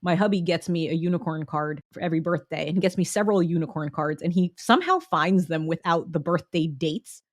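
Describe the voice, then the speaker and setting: Host: young American woman, low-ish voice, upbeat and encouraging, close dry recording. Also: a little fast, few pauses, no room sound. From United States. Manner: upbeat, chatty, encouraging, breaks into laughs. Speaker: podcast host. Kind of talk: solo motivational podcast talk.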